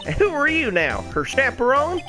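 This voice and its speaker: A man voicing a brash, loud Southern woman photographer who scolds with a thick Southern drawl. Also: very high-pitched, wildly swooping pitch, moderate pace, exaggerated voice. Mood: indignant. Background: background music.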